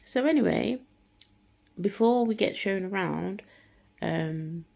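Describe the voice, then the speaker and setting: A woman's voice: medium pitch, lively intonation, slow, creaky, darkish tone. A woman telling a personal story in a casual, rambling way, full of fillers and restarts. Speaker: faith channel host.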